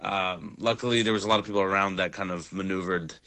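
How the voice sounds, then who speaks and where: Young comedian man from Toronto, low voice, relaxed, lots of ums. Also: fast talker. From Toronto, Canada. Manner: relaxed, rambling with fillers. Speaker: comedian guest. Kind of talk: casual radio interview.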